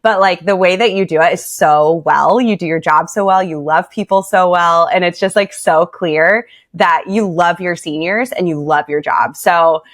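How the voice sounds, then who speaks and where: A woman's voice: on the low side, moderate pace, few pauses. Bubbly young woman podcast host. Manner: bubbly, enthusiastic, many "like" fillers. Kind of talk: casual podcast chat.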